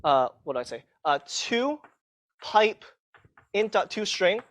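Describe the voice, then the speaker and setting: Speaking slowly in a fairly bright, high voice with big pitch swings, a man lectures a live university class in a lecture hall. His manner is casual and self-deprecating, and he checks in with students by ending sentences with "okay?".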